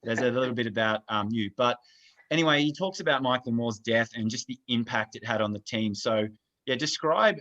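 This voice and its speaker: A young man leads the interview, feeling his way through each question with frequent ums and restarts. His tone is bright and forceful. The sound is dull and lo-fi. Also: medium pitch, a little fast. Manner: hesitant, filler-heavy questions. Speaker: interviewer, host. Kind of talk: podcast interview.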